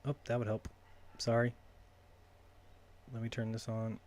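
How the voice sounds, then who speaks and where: A man hosts a live call-in stream at a middling pitch, chatting loosely and trailing off into mutters as he fiddles with his settings. His talk is casual and unpolished. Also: monotone, unhurried, a little mellow, a little hiss or hum. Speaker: livestream host taking calls.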